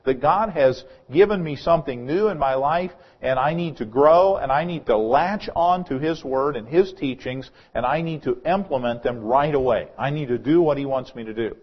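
A man's voice: mid-range voice, moderate pace, hardly any pauses, slightly rough, highs cut off. A male pastor preaching a sermon in a church, earnest, often repeating words as he starts a phrase.

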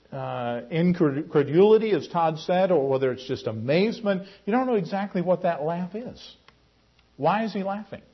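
A man teaching a Bible class in a conversational way, calling on class members by name. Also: husky. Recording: muffled low-fidelity recording.

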